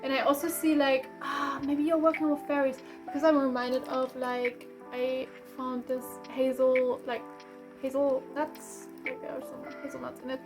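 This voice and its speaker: A woman giving a casual tarot reading, rambling warmly with lots of fillers and self-corrections. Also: high voice, little pitch movement, moderate pace. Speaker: tarot reader. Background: faint instrumental music.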